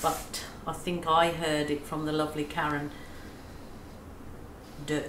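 An Australian woman talks unhurriedly through her painting, her voice a touch low and calm. She coaches gently and pokes fun at herself. The room is echoey, with a faint hum of ambience behind her. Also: unhurried. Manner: chatty, self-deprecating, soothing coaching. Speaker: acrylic pouring artist. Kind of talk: casual painting tutorial chat.

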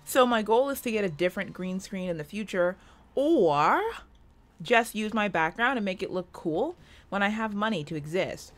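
A woman's voice: mid-range voice, lively intonation, moderate pace. A woman giving casual, chatty gameplay commentary from her room at home, swearing freely. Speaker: gaming video creator.

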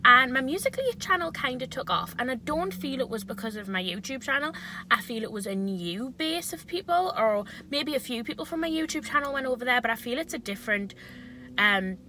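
A woman's voice: high-pitched, expressive, brisk, sharp tone, a little hiss or hum, poor audio. A young woman chatting casually to camera in a mukbang vlog, talking while she eats. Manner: chatty, talks while eating. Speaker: vlogger.

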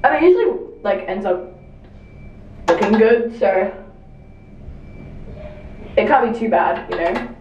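A woman's voice: mid-range voice, animated, unhurried, pauses often, darkish tone, far from the mic, dull audio, a little hiss or hum. A young woman from Australia doing a chatty, self-deprecating get-ready-with-me makeup talk. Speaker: beauty vlogger. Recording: echoey room, off-mic.

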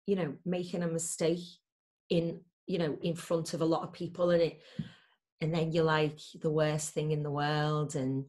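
A woman at a middling pitch. She tells her story candidly and with lively emphasis, leaning on fillers as she goes. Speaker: interview guest. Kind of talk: candid interview chat.

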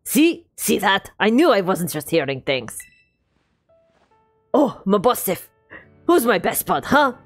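A woman's voice: medium pitch, very animated, takes it slowly, long pauses, faint music behind. A woman voicing a cheerful teenage boy who dotes on his sick dog, in a put-on Russian accent. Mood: doting. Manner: affectionate, exclamatory.

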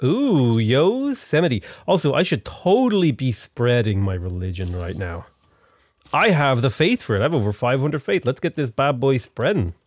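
A young gaming YouTuber comments casually on a strategy game he's playing, in an animated, jokey way that turns exasperated at times. His voice is medium-pitched at a normal speed, with no echo.

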